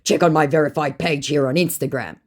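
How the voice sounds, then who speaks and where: A woman's voice: deep voice, fairly even intonation, fairly quick. A woman reading as a pushy scammer man. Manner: blunt, broken phrasing.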